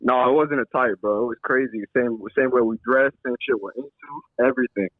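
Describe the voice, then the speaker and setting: A man's voice: medium pitch, a little fast, no room sound. A young man calling in to a podcast, talking in a laid-back, slangy, sheepish way over a phone line. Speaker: caller. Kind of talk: casual phone call. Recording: tinny phone line, dry.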